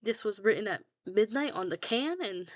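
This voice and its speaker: A woman's voice: mid-range voice, expressive, moderate pace, no echo, muffled recording. Dry, blunt young woman, casual rambling. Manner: blunt, swears a lot, laughs at herself. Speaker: fanfiction writer scrolling her own archive. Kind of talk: casual chatty commentary.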